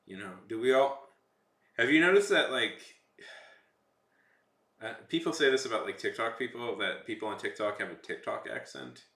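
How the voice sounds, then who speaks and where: A man's voice: medium pitch, big pitch swings, normal speed, pauses often, a bit bright, reverberant. A man from Texas chatting casually on a livestream, rambling and joking, feeling a little sick. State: slightly sick. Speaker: streamer.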